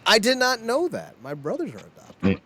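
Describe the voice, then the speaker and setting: A man's voice: sits high, huge pitch swings, moderate pace, bright, forceful tone, a little hiss or hum. A man co-hosting a wrestling podcast, chatting casually, rambling and laughing often, acting out quotes in little voices. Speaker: podcast co-host. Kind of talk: casual chat.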